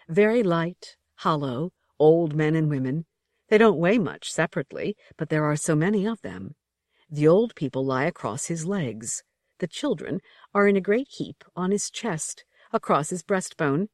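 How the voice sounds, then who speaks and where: A woman reading a first-person literary story aloud in a measured, intimate and lyrical way. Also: deep voice, a little mellow, dry recording, clean studio sound.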